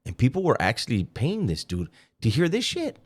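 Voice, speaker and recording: A man with a mid-range voice talks over a clip in a loose, conversational way, his pitch swinging widely as he mocks what he hears. He is dry and sarcastic, spinning anecdotes between jabs. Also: huge pitch swings, a little fast. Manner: sarcastic, mocking storyteller. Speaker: reaction commentator. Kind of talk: reaction commentary.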